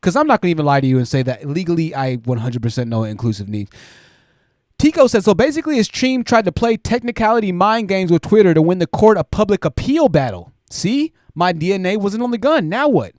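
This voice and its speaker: A man hosting a live stream, reading viewer super chats aloud and commenting in an animated, exclaiming way while he thinks aloud. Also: high voice, brisk, no echo, studio quality.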